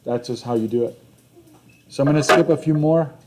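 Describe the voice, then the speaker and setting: A man's voice: a little high, brisk, noisy background. A young man teaching a geometry class, talking it through conversationally and checking in with the students again and again. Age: young adult. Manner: conversational, repeats himself, frequent "okay?" check-ins. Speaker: math teacher. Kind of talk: classroom lesson walkthrough.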